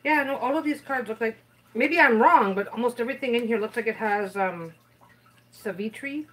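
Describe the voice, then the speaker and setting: A woman co-hosting a casual livestream, talking quickly and tossing in dry, joking quips. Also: on the high side, a bit bright, far from the mic, low-quality recording. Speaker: co-host, tarot reader.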